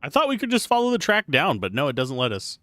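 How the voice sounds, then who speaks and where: A man's voice: fairly high pitch, wildly swooping pitch, fast, fairly bright tone, dry recording. A man streaming a game, giving wry, rambling casual commentary.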